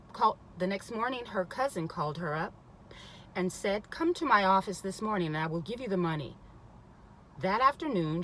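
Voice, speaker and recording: A woman reads a spiritual book aloud at a mid pitch, weighting key lines. She breaks off now and then to repeat a passage or comment on it, with a faint hiss behind her. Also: fairly bright tone, low-quality recording. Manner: emphatic, stops to repeat and comment. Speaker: reader.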